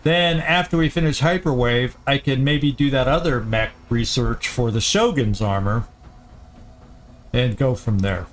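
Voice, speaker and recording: A man hosting a let's play, giving casual gameplay commentary as he thinks aloud, often halting and restarting. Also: mid-range voice.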